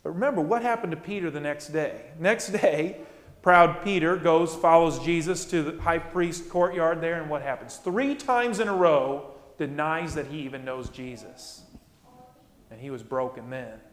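A male pastor preaching with emphasis, his voice sitting a bit high. He drives points home by repeating them. The sound carries a long, roomy church reverb. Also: normal speed. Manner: emphatic, repeats key phrases. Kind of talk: sermon.

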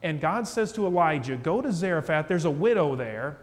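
A man's voice: on the high side, lively intonation, normal speed. A male pastor preaching a sermon in a church, chatty and conversational, often putting questions to the congregation. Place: church with pews. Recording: long church reverb.

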